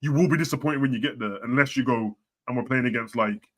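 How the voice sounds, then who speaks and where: Quick guy ranting about football, gets loud then mumbles, mid voice. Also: mid-range voice. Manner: animated, slangy, swings between loud outbursts and mumbled asides. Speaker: football podcast host. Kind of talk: casual football chat.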